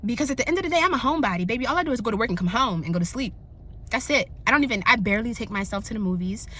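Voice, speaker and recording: A young woman vlogging in candid casual chat, animated and slangy, often laughing. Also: on the high side, rapid-fire, slight background noise.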